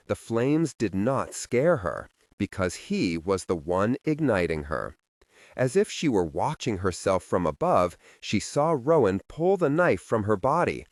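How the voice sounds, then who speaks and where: A man narrating a dark fantasy audiobook in an expressive, scripted reading on a close studio microphone. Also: fairly low pitch, dry recording. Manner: expressive, wide-ranging reading.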